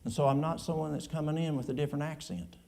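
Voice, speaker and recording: Church elder, male, East Tennessee Appalachian accent, folksy and plain-spoken, dark gravelly tone. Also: fairly high pitch, steady tone, fast talker. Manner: folksy, plain-spoken, drawling with colloquial speech. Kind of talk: answering audience questions in church.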